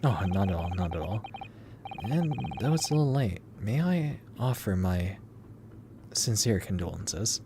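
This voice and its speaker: A man reading as a teasing British gentleman detective. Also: lowish voice, big pitch swings, unhurried, noisy background. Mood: gracious. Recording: game music underneath.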